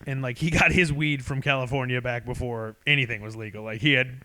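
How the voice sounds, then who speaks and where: A man's voice: medium pitch, steady tone, brisk, bright, forceful tone, slight background noise. Man, podcast host, casual storytelling, swears a lot, laughs often.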